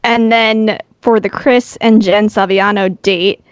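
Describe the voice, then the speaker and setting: A woman co-hosts a chatty podcast, explaining her points in an easy, even way. Her voice sits in a middle register. It sounds dry and close, with no room around it. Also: mid-range voice, takes it slowly, no room sound. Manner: explanatory, reads from an astrology book. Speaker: podcast co-host. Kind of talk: casual chat, recapping a dating show.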